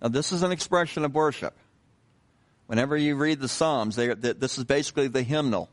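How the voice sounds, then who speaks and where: A man preaching a sermon in a conversational way, pausing with fillers and restarting his sentences, and asking the listeners questions. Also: medium pitch. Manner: unhurried, repeats himself with many fillers and restarts; conversational, asks the congregation questions. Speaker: pastor.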